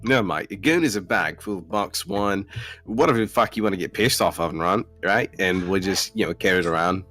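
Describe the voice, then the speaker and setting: A man's voice: deep voice, a little fast, bright, forceful tone, soft background music. A man playing a crude, swearing Australian character with a put-on accent in a tabletop game. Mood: blustery. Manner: slangy and profane, ends lines with "mate" and "right". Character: brash swearing Australian bloke, crude and matey. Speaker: tabletop player.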